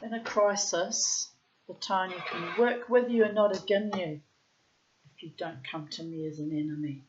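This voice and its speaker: A woman's voice: on the low side, normal speed. A woman telling a family story in a casual vlog, with dramatic, profane, self-assured storytelling and dull lo-fi audio.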